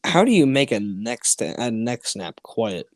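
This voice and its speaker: Slow-talking man chatting over a movie. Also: mid-range voice, big pitch swings, no room sound. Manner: rambling, laughs often, trails off. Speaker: watch-along host. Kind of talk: casual chat over a movie.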